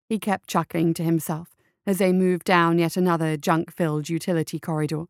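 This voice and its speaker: Gravelly low-voiced woman narrating. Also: little pitch movement, a little fast, no room sound, clean studio sound. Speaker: audiobook narrator. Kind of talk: scripted storybook narration.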